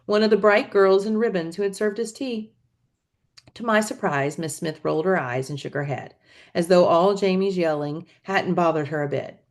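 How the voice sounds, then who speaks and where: A woman's voice: on the low side, moderate pace. Woman teacher reading a novel aloud. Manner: expressive storytelling, adds asides.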